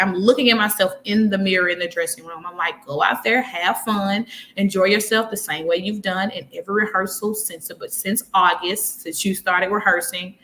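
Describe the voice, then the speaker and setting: A woman's voice: mid-range voice, poor audio. A woman in her twenties on a talk show, telling stories animatedly, acting out what people said and laughing often. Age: 20s. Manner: animated storyteller, acts out quotes, laughs often. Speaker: guest. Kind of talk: casual chat.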